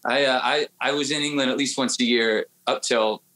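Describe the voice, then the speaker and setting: A guest singer-songwriter tells stories in casual podcast chat, rambling and hesitant with lots of restarts and fillers, and he mentions his home area near the coast. His medium-pitched voice has a sharp tone, fairly even intonation and a moderate pace, captured in a low-quality recording.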